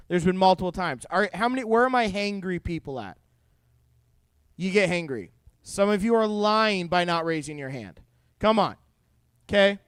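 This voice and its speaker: Young guy youth pastor, high clear voice, goofy joking sermon for teens, dry close sound. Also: unhurried, no echo. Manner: jokey, animated storytelling to teens.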